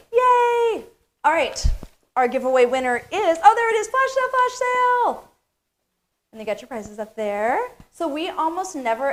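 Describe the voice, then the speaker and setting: A middle-aged woman hosting a live stream for her company, talking in an emotional, effusive way with bursts of excitement. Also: on the high side.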